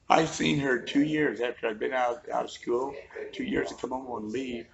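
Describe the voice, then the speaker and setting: A man's voice: mid-range voice, normal speed, gravelly, low-quality recording. A man, telling joking, folksy stories in a casual roadside chat. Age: 50s. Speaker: interviewee. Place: roadside outdoors. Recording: crowd chatter behind.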